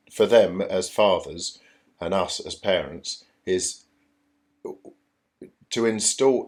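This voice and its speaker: A middle-aged man, co-hosting a podcast in casual chat and often clearing his throat. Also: low-pitched. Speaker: podcast co-host.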